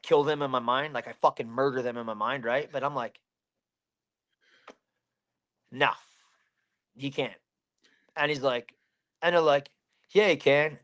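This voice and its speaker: A man's voice: medium pitch, a bit bright. A man in his thirties from Pennsylvania, a fighter telling a story in an interview, blunt and heavy with swearing.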